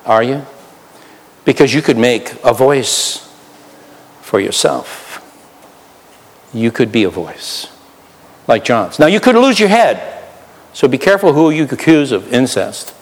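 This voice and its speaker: A man preaching a sermon as pastor, animated, swinging between loud outbursts and hushed asides while acting out voices. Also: mid-range voice, a little slow, long pauses, in a large hall.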